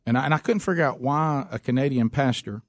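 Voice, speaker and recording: A man's voice: medium pitch, fast, no room sound, studio quality. A man with a Southern US accent hosting a casual chat, telling stories in a rambling, folksy way and laughing often. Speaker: host.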